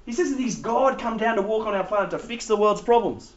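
A man's voice: high-pitched, fast talker. A man giving a laughing, conversational Bible talk to young people as youth leader. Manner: animated, laughing, conversational preaching. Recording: roomy, slightly dull recording.

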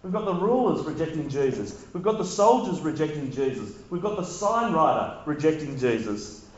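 A man's voice: on the high side, sing-song, moderate pace. A man preaching a sermon, retelling the scene with dramatic repetition and emphasis. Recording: very echoey, dull lo-fi sound.

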